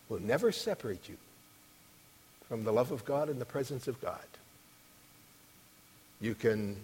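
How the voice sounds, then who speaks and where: A man's voice: mid-range voice, husky. Emphatic preaching man in a reverberant hall. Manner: emphatic, rising to loud declarations on quoted verses. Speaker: pastor. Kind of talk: sermon. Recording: long reverb of a large hall.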